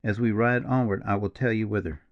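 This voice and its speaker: A man voicing a grave, brooding partisan officer in an audiobook, speaking slowly and in a measured, mournful way. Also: lowish voice, steady tone, no echo, dull audio, close to an everyday voice. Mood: gentle. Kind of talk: audiobook character reading.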